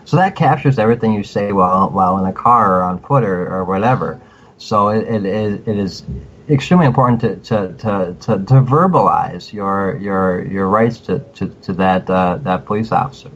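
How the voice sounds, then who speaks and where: A man with a fairly low voice talks as a podcast guest, stumbling over repeated words and restarting as he explains. The audio is dull and lo-fi, with a faint hiss underneath. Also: normal speed. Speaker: podcast guest, cop watcher. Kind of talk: casual interview talk.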